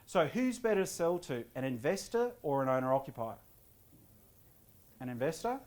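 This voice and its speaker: A middle-aged man giving a property investment seminar to a live audience, lively and often quizzing the crowd. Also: a little high. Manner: energetic, quizzes the audience with quick questions.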